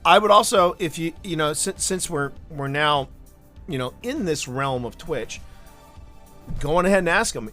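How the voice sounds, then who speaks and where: A man on a live stream chats casually and tells stories animatedly, rambling with many restarts and asides. His voice is on the high side, his pace moderate, with faint music behind him.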